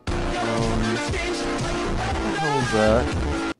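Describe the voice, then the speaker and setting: A man's voice: mid-range voice, huge pitch swings, very slow, over loud music. A man casually reacting to meme videos, exclaiming and laughing at what he sees.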